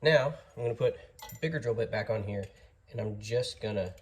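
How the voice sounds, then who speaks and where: A man with a fairly deep voice narrates a home-garage repair project in a relaxed, chatty way. He pokes fun at his own slip-ups as he goes. The recording is noisy, with workshop tool sounds plainly audible throughout. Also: normal speed. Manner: chatty and easygoing, jokes at his own mistakes. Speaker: DIY garage host. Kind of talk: casual workshop how-to narration.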